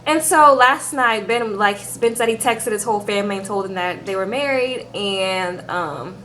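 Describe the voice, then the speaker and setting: A woman's voice: mid-range voice, normal speed, pushed and bright, slight background noise. A woman giving a chatty, sassy recap of a reality TV show to her viewers in a casual vlog, calling them girl and y'all. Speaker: reality TV reviewer.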